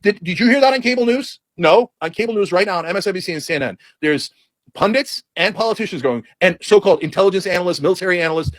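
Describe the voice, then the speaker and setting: A man's voice: sits high, expressive, fast talker, no echo. A man giving a heated, sarcastic, blunt political commentary rant.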